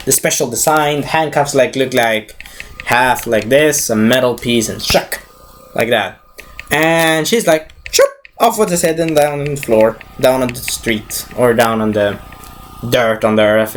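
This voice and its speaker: A movie reviewer gives a casual, rambling recap of a film, swearing freely, acting out scenes, and restarting and correcting himself as he goes. His mid-range voice is unhurried, with a little hiss or hum in the recording.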